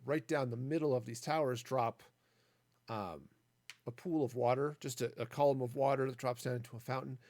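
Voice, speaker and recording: This is casual gameplay commentary from a man streaming a building game, who rambles through his plans and tosses in jokey asides. His medium-pitched voice is a little mellow, with no echo.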